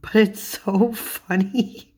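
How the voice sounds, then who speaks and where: A woman's voice: mid-range voice, steady tone, slow pace, a little mellow, slightly rough. A woman in a casual vlog, chatting about tarot cards, laughing often and swearing casually. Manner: giggly, laughs often while talking. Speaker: tarot vlogger.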